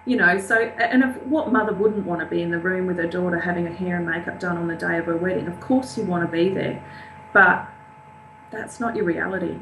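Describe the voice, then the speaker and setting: An older woman recounts a personal story as an interview guest. She speaks haltingly and with emotion, slipping into the voices of the people she quotes. The room around her is echoey, with a faint hum underneath. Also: lowish voice, fairly even intonation, fairly bright tone.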